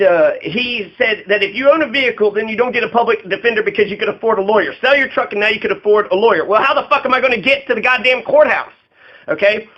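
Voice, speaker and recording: A man with a strikingly high voice talks in a profane, aggrieved ramble, stacking fillers and restarts as he complains. He is a political candidate, and his speech comes through on a dull, lo-fi recording. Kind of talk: angry monologue about his arrests.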